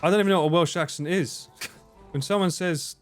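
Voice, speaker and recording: A man's voice: sits high, a little fast, soft background music. A man chatting casually to his live-stream audience while gaming, joking around and swearing freely. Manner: jokey, animated, swears freely.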